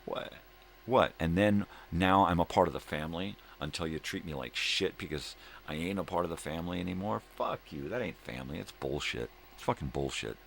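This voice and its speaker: A man's voice: low-pitched, lively intonation, brisk, creaky, hardly any pauses, a little hiss or hum. A man hosting his own daily video show, ranting in a profane, angry monologue. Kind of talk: casual monologue.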